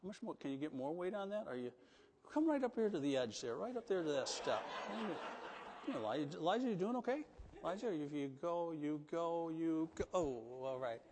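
A man with a high-pitched voice preaches to his congregation in a church sanctuary. He shifts between loud, emphatic declarations and quiet, coaxing asides. A long reverb from the hall trails every phrase. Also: very animated, moderate pace, slight background noise. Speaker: pastor. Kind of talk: sermon.

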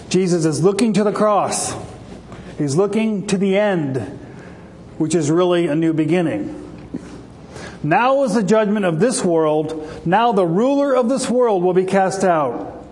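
A man's voice: high-pitched, unhurried, darkish tone. A man preaching a sermon with passion, raising his voice when he quotes scripture and sometimes restarting a phrase. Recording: long reverb, faint background noise.

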